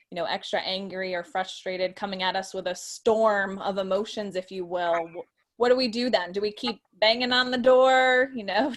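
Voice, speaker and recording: Woman asking thoughtful questions. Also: mid-range voice. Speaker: co-host, interviewer. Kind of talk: interview questions.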